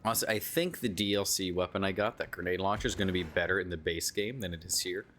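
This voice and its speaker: A man's voice: deep voice, fast, fairly bright tone, slight background noise. A man streaming a video game, giving casual, musing commentary and swearing freely. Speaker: gaming streamer.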